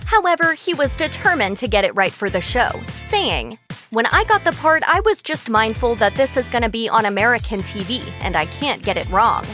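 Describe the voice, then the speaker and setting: A woman reads scripted narration with a bright, animated voice that swoops up and down. Her delivery is brisk and polished, recorded close on a studio mic with faint music underneath. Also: a little high. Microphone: close studio voice-over mic.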